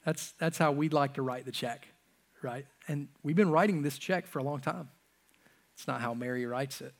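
A man preaching a sermon as pastor, with impassioned delivery that swings from loud urgent peaks to hushed low lines, acting out God's voice and the congregation's objections. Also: normal speed, vocal fry.

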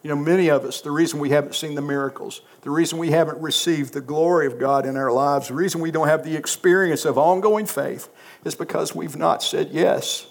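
A male pastor delivering a sermon in a slightly high voice. He is emphatic, building to loud, driving peaks and then dropping to soft, intimate asides. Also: fairly even intonation, brisk. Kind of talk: sermon with closing prayer.

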